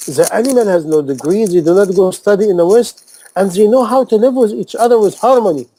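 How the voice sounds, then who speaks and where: A man's voice: high-pitched, animated, fairly quick, warm tone, poor audio. A man preaching a sermon in impassioned, non-native English, repeating phrases and firing off rhetorical questions. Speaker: Islamic preacher.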